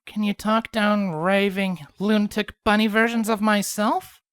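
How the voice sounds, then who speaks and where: A woman voicing a tired, exasperated young female pony princess in a storybook reading, with a deadpan, weary delivery. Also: medium pitch, measured pace, clean tone, no room sound, pitched above the performer's own voice, lightly acted.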